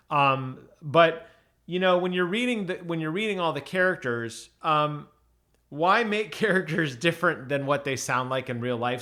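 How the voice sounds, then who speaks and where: A man's voice: mid-range voice, sharp tone. A man casually reviewing an audiobook on his channel, chatty, with many ums and restarts.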